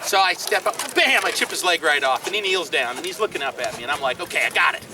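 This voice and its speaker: High-voiced man coaching a fighting class outdoors. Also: lively intonation, quick pace. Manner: coaching with repeated cues and asides. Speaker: combat instructor. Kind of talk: teaching a hands-on fighting class. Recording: distant camera audio with outdoor noise.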